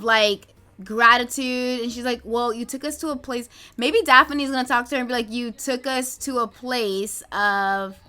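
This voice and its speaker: A woman's voice: fairly high pitch, sharp tone. A young woman from the United States casually narrating a life-simulation game story, chatting and slipping into quoted lines for her characters. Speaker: Sims let's play creator.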